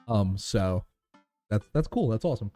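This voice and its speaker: A man's voice: lowish voice, animated, normal speed, warm tone, no echo, faint music behind. A man with a New York accent streaming a game live, chatting casually with his viewers, laughing and swearing easily.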